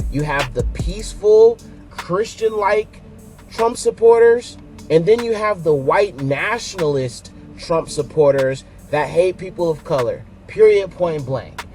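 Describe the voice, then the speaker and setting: Man, higher voice, emphatic commentary host, faint music behind. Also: expressive, measured pace, a little mellow. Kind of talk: casual commentary to camera.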